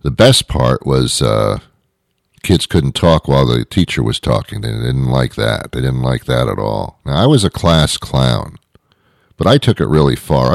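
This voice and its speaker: A man with an extremely deep, gravelly voice rambles through a deadpan comedy monologue, full of sardonic, misanthropic asides. His delivery swings widely in pitch. The recording is dry and close, with no room sound. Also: no room sound.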